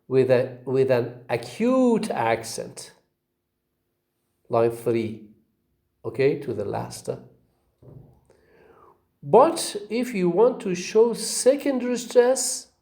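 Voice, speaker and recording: A man's voice: on the high side, dark tone. A male teacher giving a phonetics lecture, repeating each example word for drilling and asking questions he then answers himself.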